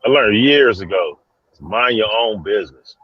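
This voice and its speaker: Casting: lower-voiced man calling in from a car, dry and dull lo-fi phone sound, blunt slangy talk. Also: lively intonation, measured pace, breathy edge, dry recording. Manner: blunt, slangy, laid back. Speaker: caller. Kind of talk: casual chat. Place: moving vehicle on a freeway.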